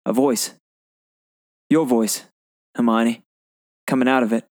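A man's voice: medium pitch, fairly even intonation, slow pace, a little mellow, no room sound, clean studio sound. A man voicing an earnest young British man with a put-on British accent, reading a heartfelt movie monologue.

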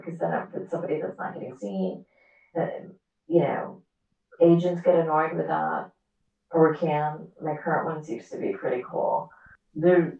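Distant echoey woman, animated actor guest. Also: sits low, gravelly. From America. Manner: animated, quick asides, acts out quoted dialogue. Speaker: actor and author, podcast guest. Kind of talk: candid interview conversation. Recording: echoey, distant, dull remote audio.

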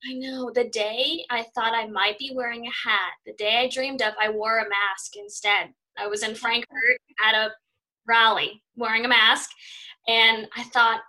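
Bright-voiced, chatty young woman. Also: on the high side, flat delivery, a little slow, poor audio. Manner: chatty and upbeat, fillers like 'um' and 'like'. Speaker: news reporter, interview guest. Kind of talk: casual interview chat.

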